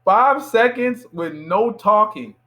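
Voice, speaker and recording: Animated young man telling a story. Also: high-pitched, slow. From Miami, United States. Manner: animated storyteller acting out quotes. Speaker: interview guest, filmmaker. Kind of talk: casual storytelling interview.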